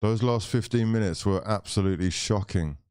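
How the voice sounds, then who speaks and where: A young man with a fairly low voice rants through a live football watchalong. He swears freely and banters with his chat in an exasperated way. His voice sounds dry and close. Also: moderate pace, darkish tone, clear, resonant tone, no room sound.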